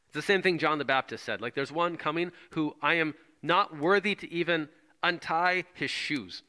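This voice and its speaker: A male pastor preaching a sermon, retelling scripture in casual, animated storytelling. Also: fairly high pitch, moderate pace.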